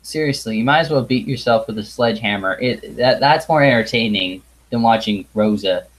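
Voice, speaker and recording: A man's voice: mid-range voice, low-quality recording. Blunt, exasperated man ranting. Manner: blunt and exasperated, with sighs and swearing; halting restarts and repetition. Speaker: video reviewer. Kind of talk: ranting review monologue.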